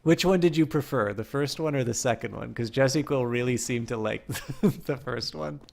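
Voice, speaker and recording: A man's voice: mid-range voice, normal speed, vocal fry, darkish tone. A man streaming a game, chatting casually with viewers in a rambling way full of fillers.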